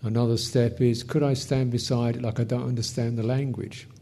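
A man teaching meditation in a question-and-answer session, speaking gently in short, halting phrases with soft laughs. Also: medium pitch, flat delivery, creaky, slight background noise. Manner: gentle, unhurried, often laughs softly. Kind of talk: dharma Q&A teaching.

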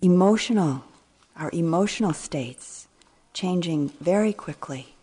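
Brief: older female meditation teacher, low and mellow, gentle reflective dharma talk, phrases fading almost to a whisper. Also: expressive, husky. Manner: slow, reflective, trailing phrases, sometimes dropping to a near whisper.

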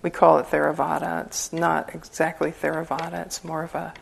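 Low, gravelly-voiced woman teaching meditation. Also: flat delivery, a little fast, a little hiss or hum, low-quality recording. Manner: conversational and humorous, laughing often. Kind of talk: informal dharma talk.

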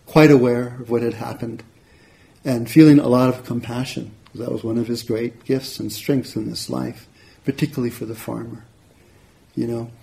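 Man, meditation teacher, dharma talk storytelling, mellow warm tone, even and unhurried delivery. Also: medium pitch, vocal fry. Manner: relaxed, conversational, frequent "you know". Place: retreat center hall.

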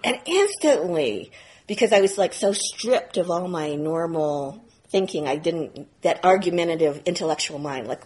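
A woman meditation teacher telling a story in a dharma talk, animated and self-mocking, often laughing as she talks. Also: fairly low pitch, normal speed, husky, rough recording. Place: retreat center meditation hall.

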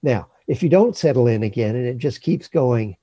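A man teaching meditation, giving slow, calm instruction with long pauses. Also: medium pitch, breathy edge, no echo.

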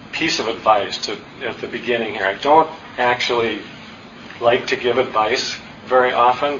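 A middle-aged man giving a dharma talk at a meditation center, telling stories in a self-deprecating, unhurried way. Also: medium pitch. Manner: warm, self-deprecating storytelling with pauses. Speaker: guest dharma teacher. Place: meditation hall. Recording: distant, dull room recording with faint noise.

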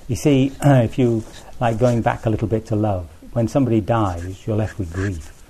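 A man's voice: fairly low pitch, steady tone, moderate pace, dark tone, a little hiss or hum. A man teaching as a Buddhist teacher in a conversational dharma talk, thinking aloud with restarts and frequent asides to his listeners.

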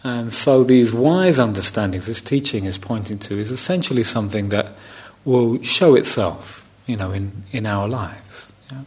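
A man, a meditation teacher giving a gentle, reflective dharma talk on a retreat. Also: on the low side. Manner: gentle, reflective, unhurried with soft laughs.

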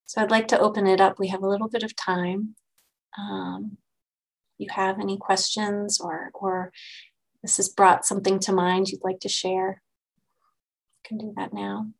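Woman meditation teacher, gravelly edge, gentle unhurried dharma talk with pauses. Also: medium pitch, level tone, rough recording.

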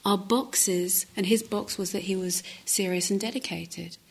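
A woman meditation teacher giving a gentle, reflective dharma talk at a retreat, often dropping to a soft near-whisper. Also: medium pitch, steady tone, unhurried. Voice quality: breathy, often drops to a whisper. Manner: gentle, reflective, with hesitant restarts. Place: retreat center meditation hall.

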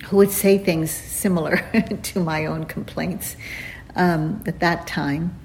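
A woman meditation teacher speaks slowly and gently, pausing often as she gives a dharma talk. Her voice sits a little low, and faint room ambience hangs behind her words. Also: fairly even intonation, slight background noise, low-quality recording. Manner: slow, gentle, with frequent pauses and fillers; laughs softly while telling stories. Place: retreat center hall.

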